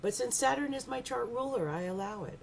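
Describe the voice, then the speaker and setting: A middle-aged woman giving a rambling, animated astrology reading, laughing often and restarting her sentences. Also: on the high side, a little fast, creaky, slight background noise. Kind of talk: casual monthly astrology reading.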